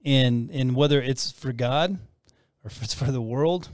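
A man hosts a casual faith talk show, and his talk rambles with frequent restarts. His voice sits at an average pitch. The recording is dry and close. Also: measured pace, dry recording. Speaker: host.

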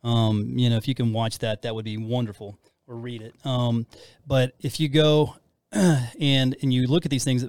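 A man's voice: medium pitch, a little mellow, smooth, no echo, studio quality. A middle-aged man co-hosting a casual faith-based talk about marriage, rambling and self-deprecating with frequent restarts. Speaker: podcast co-host.

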